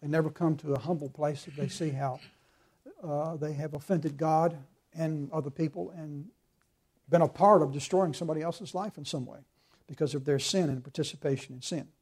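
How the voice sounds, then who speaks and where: A man's voice: on the high side, fairly even intonation, normal speed, a little mellow, slightly rough. A pastor preaching an earnest, emphatic sermon, quoting scripture and calling his listeners to forgive.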